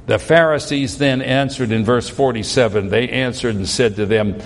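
A man's voice: medium pitch, normal speed, gravelly, hardly any pauses, in a large hall. A man preaching a sermon, pressing his point with emphatic rhetorical questions. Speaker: pastor.

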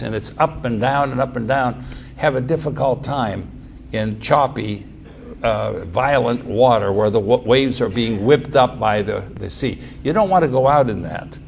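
A man's voice: medium pitch, vocal fry, slight background noise. A man preaching a Bible-teaching sermon, emphatic and repetitive, often restarting his phrases.

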